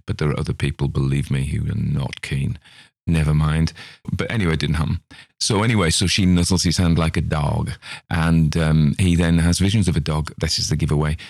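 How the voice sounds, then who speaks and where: A man's voice: very deep voice, fairly even intonation, fairly quick, creaky, darkish tone, no room sound, studio quality. An Australian man hosting a podcast, chatting loosely about a ghost story with rambling, self-mocking asides. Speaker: podcast host. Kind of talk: casual spoken commentary on a ghost story.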